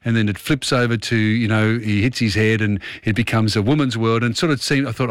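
A man's voice: on the low side, steady tone, fairly quick, no room sound, studio quality. A man hosting a radio show, chatting loosely and rambling through his thoughts. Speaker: radio host. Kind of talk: casual radio chat.

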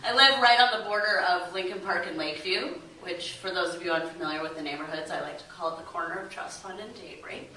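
A woman performing a stand-up comedy set, delivering deadpan punchlines and slipping into mock-regal voices. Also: lowish voice, quick pace, few pauses, distant mic. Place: comedy club stage with audience. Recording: echoey club heard from afar with crowd noise.

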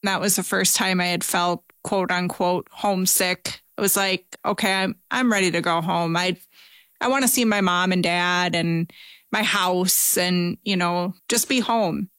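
A woman from Minnesota, a former student, retelling a memory in an interview in a casual, animated way. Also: fairly low pitch, a little slow, clean tone, no echo, studio quality. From Minnesota, USA. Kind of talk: interview recollection.

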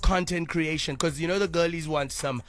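A man's voice: fairly high pitch, steady tone, normal speed, fairly bright tone, faint music behind. A man hosting a radio show, playful and teasing with his guest. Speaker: radio host. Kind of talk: lively radio banter. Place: radio studio.

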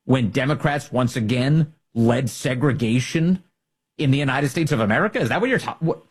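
A man's voice: mid-range voice, expressive, moderate pace, breathy edge. A man delivering an emphatic, sarcastic political opinion monologue as a host. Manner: sarcastic, emphatic, with mocking quoted voices.

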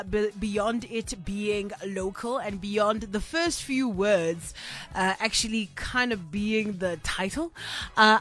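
A woman hosts a late-night radio slot from the studio, her voice sitting a little high. She chats in a playful, easygoing way and laughs easily, with faint music playing underneath. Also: fairly bright tone. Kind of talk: casual radio chat. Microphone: studio microphone.

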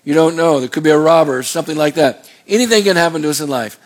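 A middle-aged man preaching a sermon as a pastor, reading scripture slowly and deliberately with folksy asides. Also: fairly high pitch.

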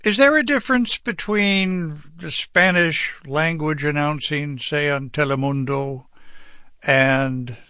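A man hosting an interview, introducing his guest and asking brisk, friendly questions. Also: fairly high pitch, bright, forceful tone, no room sound, clean studio sound. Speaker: radio interview host.

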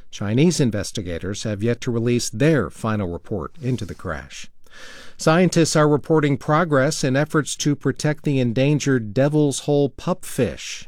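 A man reading a radio newscast in a measured, formal delivery. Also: medium pitch, a little mellow, no echo, clean studio sound.

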